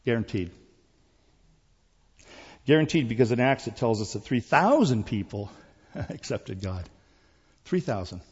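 Husky preacher in a reverberant hall. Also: male voice, medium pitch, very animated, unhurried, long pauses. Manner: emphatic, repeats key words, swings between loud and quiet. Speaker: pastor. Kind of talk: sermon. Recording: dull sound with long hall reverb.

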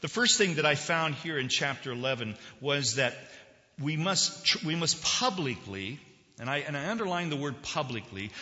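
A man preaching a sermon in a conversational way, with big swings in loudness and pace. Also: fairly high pitch, lively intonation, measured pace. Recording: dull lo-fi recording in a reverberant hall.

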